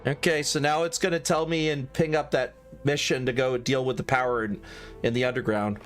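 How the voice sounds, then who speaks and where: A man's voice: mid-range voice, fairly even intonation, brisk, faint music behind. A man giving casual, rambling commentary while streaming a video game. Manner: chatty, rambling, prone to tangents.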